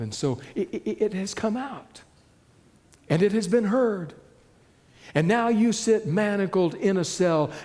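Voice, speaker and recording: Slow, dramatic male preacher in a reverberant hall. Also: on the high side. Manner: dramatic storytelling, dropping to hushed tones. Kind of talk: sermon. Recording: long reverb of a large hall.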